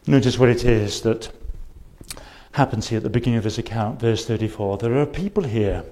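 On the low side and a little mellow, this man's voice moves at a normal pace as he preaches in church. He earnestly presses his listeners with repeated questions and quotes scripture in old-fashioned phrasing.

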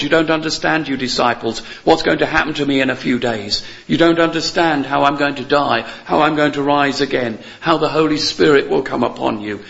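A man's voice: on the high side, vocal fry, fairly bright tone, highs cut off. A man preaching a sermon in an earnest, emphatic way, repeating key phrases and asking rhetorical questions.

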